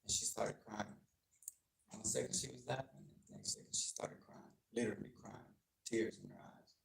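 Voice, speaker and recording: Texas guy w a gravelly low voice telling his story to a class, echoey room, faint clicks. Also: fairly even intonation, fairly quick, slight background noise. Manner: earnest, plainspoken, acts out dialogue. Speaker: guest speaker on gang culture. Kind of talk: personal storytelling to an audience. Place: university lecture room.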